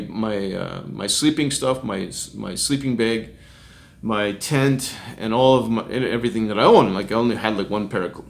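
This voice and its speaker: A middle-aged man, a street minister, telling a personal testimony story and often chuckling as he recounts it. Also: mid-range voice. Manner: chuckles often while recounting, acts out quoted voices.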